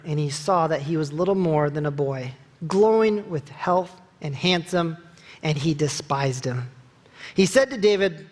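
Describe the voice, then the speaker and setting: Male pastor, high voice, lively sermon delivery, reverberant sanctuary sound. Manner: animated, acts out quoted lines with raised pitch. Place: church sanctuary.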